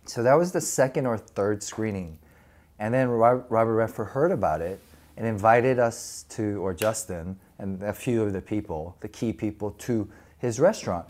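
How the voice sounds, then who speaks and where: A man's voice: fairly low pitch, normal speed, darkish tone. A middle-aged man being interviewed, telling stories casually and animatedly, acting out voices and laughing often. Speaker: guest.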